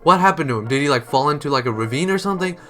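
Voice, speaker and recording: A man's voice: on the high side, expressive, racing, sharp tone, faint music behind. A man voicing a worried grown hero mentor, muttering in puzzlement. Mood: puzzled.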